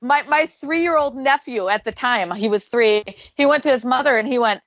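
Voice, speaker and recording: A woman's voice: fairly high pitch, moderate pace, few pauses, no room sound, highs cut off. Chatty woman telling a story. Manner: animated storyteller, acts out quoted voices. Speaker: guest paranormal investigator. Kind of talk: casual storytelling on a radio show.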